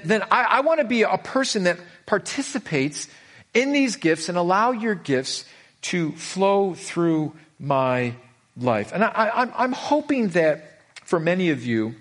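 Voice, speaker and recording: A man's voice: mid-range voice, gravelly, breathy edge. A middle-aged man preaching a sermon as a pastor, telling stories with lots of animation, repeating himself and restarting lines. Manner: animated storytelling, frequent repetitions and restarts.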